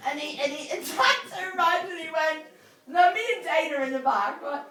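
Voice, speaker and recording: A woman telling a lively family story in casual chat, laughing and acting out the voices of the people she quotes. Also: high-pitched, fairly quick, far from the mic. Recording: echoey room, voice from off the mic.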